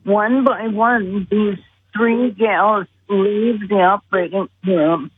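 A woman telling a long personal story in an earnest, unhurried way, heard over a telephone. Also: medium pitch, fairly even intonation, a little hiss or hum. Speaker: guest. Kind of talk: storytelling on a call-in show. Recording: tinny phone line.

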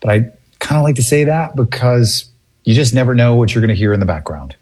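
A man's voice: mid-range voice, sing-song, quick pace, darkish tone. A man hosting a call-in radio show from a remote spot, talking casually and searching for words. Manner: laid-back, searching for words. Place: remote location away from studio.

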